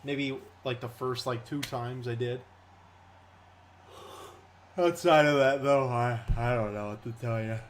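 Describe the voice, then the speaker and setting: A man giving live commentary on a simulated monster truck event, chatty and excitable, grumbling sarcastically between runs. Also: mid-range voice, unhurried, pauses often, a little hiss or hum.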